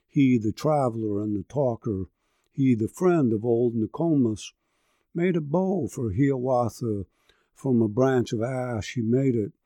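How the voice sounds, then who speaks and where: Guy reading an old poem, really slow and steady rhythm, warm low tone, dry close mic. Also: no echo. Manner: measured, rhythmic verse delivery. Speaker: narrator. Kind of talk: narrative poetry reading.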